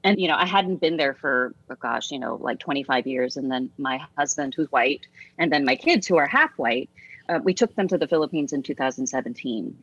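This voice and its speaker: A low-voiced woman in her forties speaks as an interview guest, earnest and reflective, reaching back through her own story in loose conversational talk. Her voice sits on a dry, slightly dull recording with no room sound. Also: expressive, brisk, dry recording. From United States. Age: 40s. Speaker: interview guest, music teacher and author.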